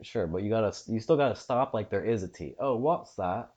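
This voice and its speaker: A man trades crude jokes and teasing in loose podcast banter. His voice is dark and mellow, pitched a little low. The recording has a dull, lo-fi sound. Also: expressive, fast. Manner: joking, crude, teasing, full of "dude". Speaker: podcast co-host. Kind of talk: casual comedic chat.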